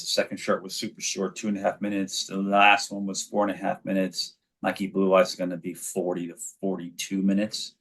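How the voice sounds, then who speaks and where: A man in his forties from New York, telling stories animatedly as an interview guest. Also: deep voice. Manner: animated storyteller, frequent restarts. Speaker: guest, actor and children's author. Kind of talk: casual interview chat.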